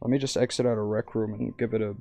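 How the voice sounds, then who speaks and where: A man's voice: lowish voice, fairly even intonation, quick pace, gravelly, mellow, faint music behind. A young American man rambling through stories in casual live-stream chat, often breaking off mid-sentence. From United States. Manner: rambling, self-interrupting storyteller.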